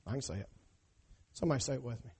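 A man preaching a sermon in church, emphatic and swinging between loud cries and hushed asides, calling on the congregation to answer. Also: mid-range voice, rapid-fire, breathy edge. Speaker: pastor.

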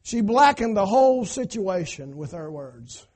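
A male pastor preaching a sermon, retelling scripture in folksy everyday words and swinging from loud to hushed. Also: high voice, sing-song, unhurried.

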